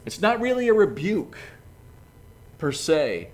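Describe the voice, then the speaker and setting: Folksy, animated male preacher. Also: high voice, takes it slowly. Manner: folksy, chatty, many "you know"s. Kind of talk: conversational sermon.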